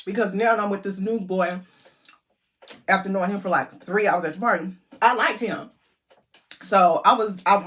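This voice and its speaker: A middle-aged woman vlogger telling a lively story to her viewers, chatty and animated. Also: mid-range voice.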